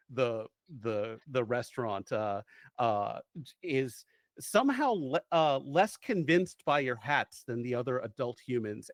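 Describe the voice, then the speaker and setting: A man's voice: medium pitch, dry recording, studio quality. A man running a tabletop role-playing game as game master, narrating playfully with frequent restarts.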